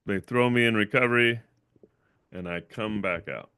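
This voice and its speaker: Hosting a livestream on his own channel, a young man tells a long, casual personal story, looping back over points and dropping "right?" as a filler. His voice is lowish, clear, and resonant, with a bright, forceful edge at a normal speed. It's studio-quality audio with no room sound.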